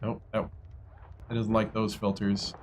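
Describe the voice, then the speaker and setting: A man's voice: on the low side, level tone, measured pace, slight background noise. A man streaming a strategy game at his computer, chatting casually and muttering to himself as he tries out voices. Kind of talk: casual gameplay livestream chat.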